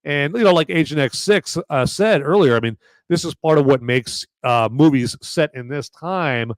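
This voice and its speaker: A man's voice: on the high side, moderate pace, no echo, studio quality. A man hosting a podcast, giving a casual movie and beer review, rambling with lots of fillers and asking "okay?" often. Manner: rambling with many fillers and okays. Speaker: podcast host.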